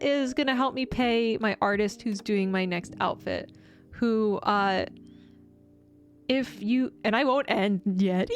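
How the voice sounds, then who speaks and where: A young woman streamer chatting casually with her viewers, bubbly and excitable, often giggling. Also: mid-range voice, measured pace, soft background music. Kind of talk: casual live-stream chat.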